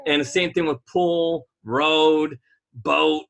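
A man's voice: on the high side, expressive, normal speed, sharp tone. A man co-hosting a casual podcast chat, talking emphatically and rambling, often stalling to hunt for a word. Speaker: podcast co-host.

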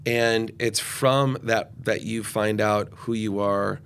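An enthusiastic, loud man in his forties, talking off the cuff as a ministry guest in an interview. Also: lowish voice, fairly even intonation, takes it slowly, a little hiss or hum. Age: 40s. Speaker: guest youth and young adult ministry leader. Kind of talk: podcast interview conversation.

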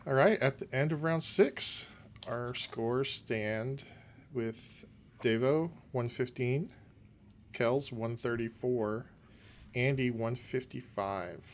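A man's voice: medium pitch, slow pace. A man keeps score for a trivia game and teases the players in a wry, casual way. His voice sits in a middle range, with faint room noise behind him. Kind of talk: casual chat.

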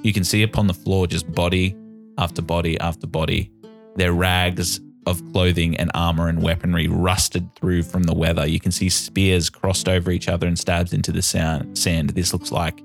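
A man's voice: low voice, flat delivery, normal speed, gravelly, faint music behind. A man narrating a tabletop game as game master, describing scenes vividly.

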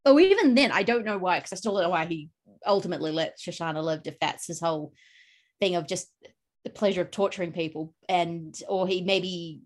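A woman with a fairly low-pitched voice talks through a film in casual discussion. She rambles eagerly and leans on plenty of ums and restarts. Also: fairly quick. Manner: enthusiastic, rambling with many fillers.

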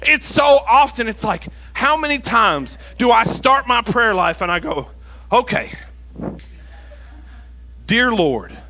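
A man preaching a sermon as associate pastor in a church, emphatic and repetitive, dropping to quiet asides. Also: very high-pitched, animated, measured pace, hardly any pauses.

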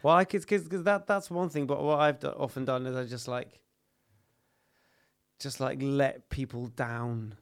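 A man from England talks as a podcast guest, with a smooth, resonant tone marked by a gravelly edge. He speaks haltingly, restarting often and running himself down. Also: medium pitch, fairly even intonation. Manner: halting, hesitant, self-deprecating. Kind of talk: casual podcast chat.

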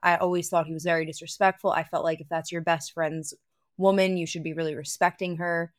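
This podcast co-host has a fairly low-pitched voice with a level tone and a brisk pace. She recaps reality TV casually, leaning on "like" and looping back mid-thought, and the audio is clean studio sound without echo.

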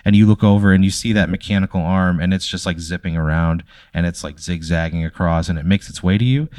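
A young man runs a tabletop game in a low, rambling narrating voice. He keeps breaking into laughter as he spins out the scene. The recording is close and dry, with no room sound. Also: quick pace, a little mellow, no room sound. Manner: loose, rambling storytelling with frequent laughs. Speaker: game master.

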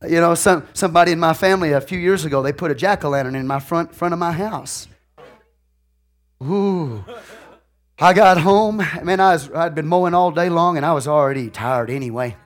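A male pastor, preaching live to a congregation in a folksy, conversational way that often checks in with the room. He tells stories animatedly, swinging between loud outbursts and quieter asides. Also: fairly high pitch, moderate pace. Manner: animated storytelling with big swings in loudness and sudden outbursts.

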